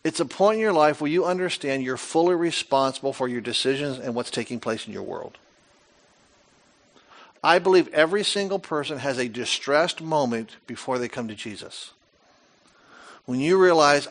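A male pastor preaching a sermon, retelling scripture with animated, dramatic storytelling and frequent rhetorical questions. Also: a little high, moderate pace.

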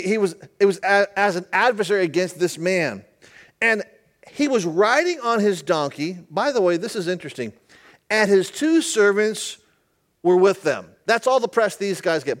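A man's voice: high-pitched, animated, a little fast. A male pastor giving a humorous, conversational sermon, often asking the audience questions.

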